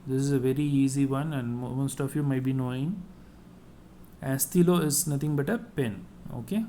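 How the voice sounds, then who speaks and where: A man's voice: mid-range voice, normal speed, mellow, slight background noise. A man teaching a French lesson to school pupils, repeating each word several times and explaining patiently. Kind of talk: online classroom lesson.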